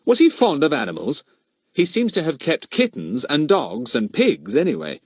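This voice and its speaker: A man's voice: a little high, wildly swooping pitch, normal speed, husky, no echo, studio quality, voice pushed up, full character voice. A man reading an audiobook voices a cheeky, clever schoolboy detective with a mock-innocent manner. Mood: teasing.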